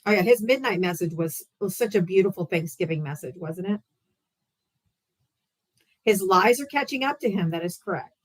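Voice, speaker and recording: A woman's voice: mid-range voice, expressive, normal speed, pauses often. A woman hosting a live political debate stream, ranting in a casual, profane, sarcastic and heated way. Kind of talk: casual livestream rant.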